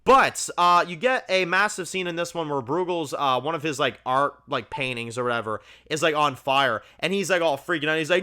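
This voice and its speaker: A man's voice: on the high side, brisk, sharp tone, clear, resonant tone. A man hosting his review channel, talking through a TV episode in a loose, enthusiastic way, full of "like" and "you know". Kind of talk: casual spoken episode review.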